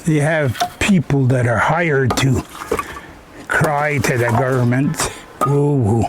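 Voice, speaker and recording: Slow, rambling man with folksy "eh?". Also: medium pitch, heavy background noise. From Canada. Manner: rambling, folksy, ends phrases with "eh?". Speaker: vlogger. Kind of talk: casual chat while stacking firewood. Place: woodshed.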